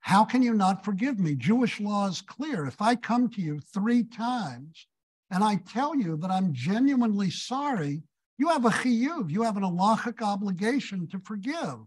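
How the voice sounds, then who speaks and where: Brief: remorseful traveler, as a lecturer acts him out, pleading, insistent, high-pitched. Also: male voice, very animated, normal speed, slightly rough, full character voice. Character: pleading remorseful male train passengers.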